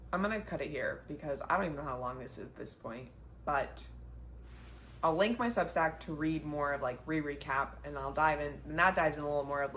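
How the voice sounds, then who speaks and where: A woman's voice: low voice, a bit bright. A young woman talks to the camera in a casual sit-down chat, chatty and heartfelt, with lots of "like" fillers. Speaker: vlogger, marathon runner. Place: indoors, sitting down. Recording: faint background noise.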